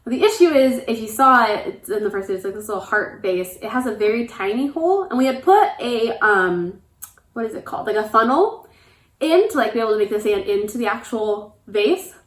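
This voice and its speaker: Chatty young woman, slightly high, echoey. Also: expressive, a little fast. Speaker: vlogger recounting wedding day. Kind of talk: casual storytime chat.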